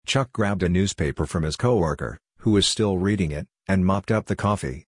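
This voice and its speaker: A man reading a piece of fiction aloud as narrator with a steady, even delivery. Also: sits low, moderate pace, hardly any pauses, breathy edge, dry recording, studio quality. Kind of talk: audiobook-style fiction reading.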